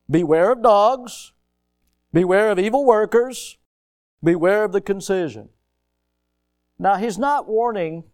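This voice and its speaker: A man preaching a sermon, telling stories with sudden loud rises and often repeating his words as he starts a thought. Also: a little high.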